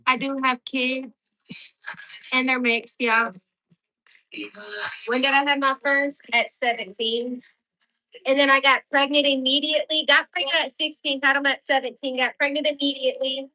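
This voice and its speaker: A woman's voice: sits high, fairly even intonation, measured pace, long pauses, sharp tone, poor audio. A woman in her twenties chatting casually on a livestream, answering viewer comments in a blunt, outspoken way and swearing freely.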